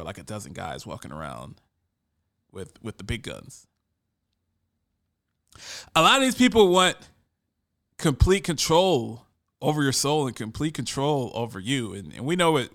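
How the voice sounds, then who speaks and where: A man's voice: mid-range voice, big pitch swings, moderate pace, long pauses, fairly bright tone. A man telling a story in a casual monologue, conversational and often repeating words as he restarts.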